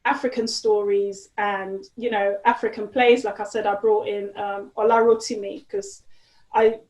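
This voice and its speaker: A woman's voice: mid-range voice, steady tone, measured pace, darkish tone. Lady being interviewed, lots of um and you know, kinda echoey room. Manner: chatty, lots of fillers and restarts. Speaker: interview guest. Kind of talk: casual conversational interview. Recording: roomy echo.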